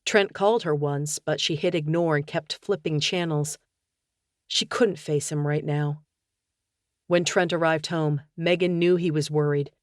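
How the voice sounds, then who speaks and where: A woman narrating a novel audiobook in a steady, measured reading. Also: low-pitched, no echo, studio quality. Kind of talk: scripted narration.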